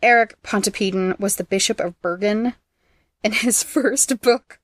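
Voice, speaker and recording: A woman hosting a podcast who reads out trivia facts in a brisk, teasing way and laughs often. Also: medium pitch, no echo, clean studio sound. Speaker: podcast host presenting trivia. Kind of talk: casual trivia chat, reading facts.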